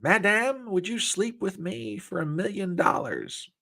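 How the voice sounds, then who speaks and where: A man doing a high, sly old-time comic drawl. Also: lively intonation, measured pace, creaky, pushed and bright, full character voice. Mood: sly, mocking.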